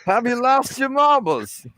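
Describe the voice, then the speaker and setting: A man putting on the voice of a gruff British traffic cop who scolds a speeding driver in a raised, mock-stern tone. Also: very high voice, pushed and bright, dry recording, studio quality, voice pushed up, exaggerated voice.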